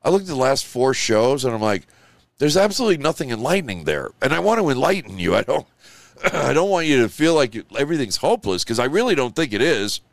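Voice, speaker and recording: Here the host is a fast talker with a gravelly mid-range voice and big pitch swings, delivering a loose, emotional, rambling live-show monologue full of "you know" and "like." The sound is dry.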